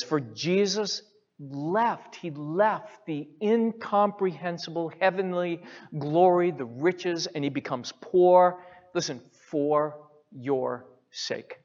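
High-voiced preacher, slow and emphatic. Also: male voice. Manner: emphatic, repeats key phrases. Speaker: pastor. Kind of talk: sermon. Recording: reverberant hall, dull lo-fi sound.

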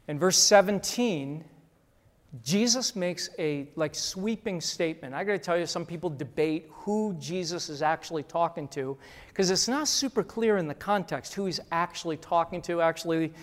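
A man preaching a Sunday sermon as pastor, emphatic and repetitive, swinging between loud declarations and hushed lines. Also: on the high side. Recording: long church-hall reverb.

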